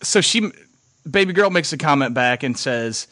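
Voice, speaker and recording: A young man casually telling a story on a podcast, animated, swearing and acting out what people said. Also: mid-range voice, normal speed. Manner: animated, swears, acts out quotes.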